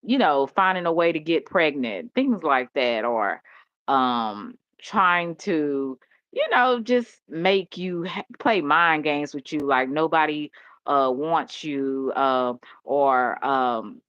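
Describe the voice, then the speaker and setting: A woman's voice: sits low, animated, slow pace, fairly bright tone, no room sound, muffled recording. A woman host talking candidly in a rambling casual chat, laughing often. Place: home.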